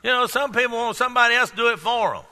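A male pastor preaching a sermon to a congregation, calling out questions and breaking into sudden shouts. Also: very high voice, rapid-fire. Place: church hall. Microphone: microphone. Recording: echoey hall.

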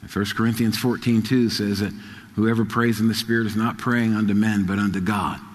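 A man's voice: fairly low pitch, little pitch movement, a little fast. Man preaching in a reverberant hall. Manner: swings from soft storytelling to loud, rising exhortation. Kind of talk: sermon.

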